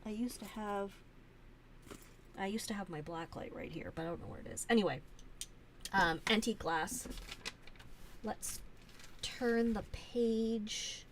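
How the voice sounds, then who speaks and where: A woman hosts a casual live-stream show-and-tell, talking at an unhurried, slow pace. She gushes and chats, with plenty of fillers, and there is a faint hiss underneath. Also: mid-range voice. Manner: gushing, chatty, with many fillers.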